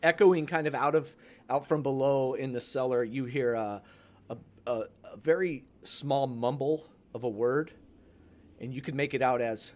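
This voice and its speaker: A man's voice: medium pitch, normal speed. Hesitant male game master. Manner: hesitant, searching for words with many fillers. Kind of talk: narrating a tabletop horror game.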